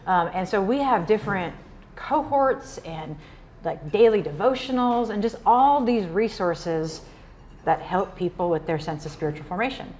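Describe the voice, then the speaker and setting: A woman's voice: medium pitch, expressive, moderate pace, a little mellow. A woman from Nebraska giving a casual, chatty keynote talk at a luncheon. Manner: chatty, uses "like" and "y'all". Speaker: keynote speaker. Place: luncheon event room.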